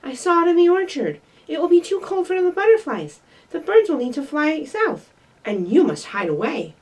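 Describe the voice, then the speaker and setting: A woman voicing an excited young male woodland animal, gasping out urgent warnings. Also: high voice, fairly quick, recorded from a distance, voice pushed up. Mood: breathless alarm.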